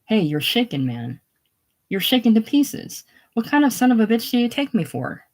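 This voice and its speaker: Brief: reader doing a blunt, wisecracking man in a play read-through, middle pitch, close to the reader's own voice. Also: big pitch swings, moderate pace, lightly acted. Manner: blunt, teasing. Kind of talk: casual solo play reading.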